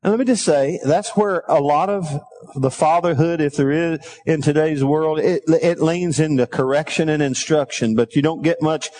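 A middle-aged man preaching with a notably high voice, urging the congregation to answer him. He mixes scripture with folksy, homespun asides. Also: normal speed, dark tone. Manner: calls for congregation responses; folksy storytelling, drops to a low aside. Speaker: pastor. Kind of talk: sermon.

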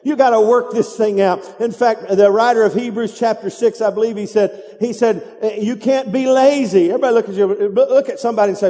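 Preaching fairly quickly with hardly any pauses, a male pastor with an extremely high, dark-toned voice fills a church sanctuary, the sound trailing in the long reverb of a big hall. He presses his congregation in emphatic call-and-response to answer back and repeat him.

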